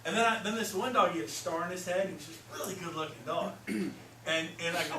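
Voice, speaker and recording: Man, middle-aged, real estate trainer, lively storytelling seminar talk, voices the people he quotes, roomy echo, noisy. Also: high voice, fast. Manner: animated, acts out quoted voices. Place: seminar room. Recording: echoey room, mic far off, noisy.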